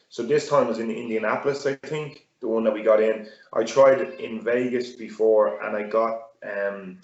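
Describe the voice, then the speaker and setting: Roomy-sounding Irish man, rambling chat. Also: on the low side. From Ireland. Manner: rambling, lots of fillers and restarts. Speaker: guest fighter and gym owner. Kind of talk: casual chat. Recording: roomy, dull-sounding audio.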